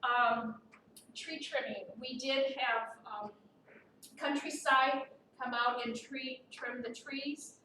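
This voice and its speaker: A woman board member giving a firm, businesslike report at a meeting, pausing often on ums. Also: high-pitched, steady tone, bright, forceful tone. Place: meeting room. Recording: echoey room from far off, with noise.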